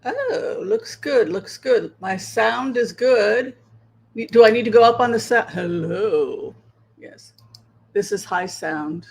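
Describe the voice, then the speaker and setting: A woman's voice: mid-range voice, animated, slow pace, gravelly, breathy edge, rough recording. A woman hosting a tarot livestream, chatting casually and rambling as she checks in with her viewers. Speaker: tarot reader and livestream host.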